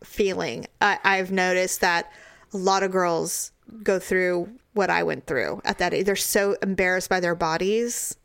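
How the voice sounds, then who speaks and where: A young woman chatting casually as a podcast co-host, telling stories with lively acted-out quotes. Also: measured pace, vocal fry, clear, resonant tone. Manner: animated storyteller, acts out quotes in high squeals. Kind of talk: casual chat.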